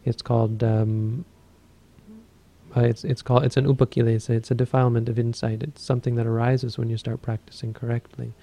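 Gravelly-voiced man giving a dharma talk. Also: medium pitch, little pitch movement, fairly quick, dark tone. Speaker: Buddhist teacher.

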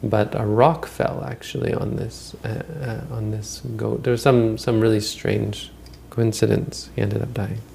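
Gravelly low-voiced man giving a dharma talk. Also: level tone, a little slow, few pauses, warm tone, slight background noise. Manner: rambling, conversational, frequent restarts. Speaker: Buddhist teacher. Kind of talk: dharma talk, retelling stories.

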